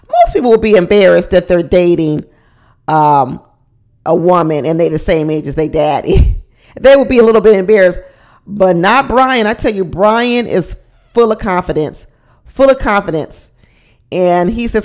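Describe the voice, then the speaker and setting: A woman's voice: fairly low pitch, moderate pace. A woman sassily recapping a reality TV episode, with folksy sayings, frequent laughs and acted-out quotes from the cast. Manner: sassy, animated storytelling with folksy sayings; acts out the cast members' quotes and laughs often.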